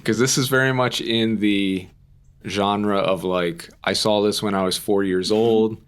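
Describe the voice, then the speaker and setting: A young man with a lowish voice talks through a podcast in loose, easy chat. He rambles and fills his sentences with "like" and the odd swear word. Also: steady tone, a little slow, clean tone. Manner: chatty, rambling, with frequent "like" and casual swearing. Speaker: podcast co-host. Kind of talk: casual chat.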